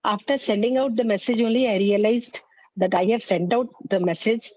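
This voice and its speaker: A woman from southern India in her fifties, with an Indian English accent, chatting as a Hindi teacher, friendly and measured, laughing often. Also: fairly high pitch, fairly even intonation, darkish tone, dry recording. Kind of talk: casual conversation. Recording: dry, dull lo-fi call audio.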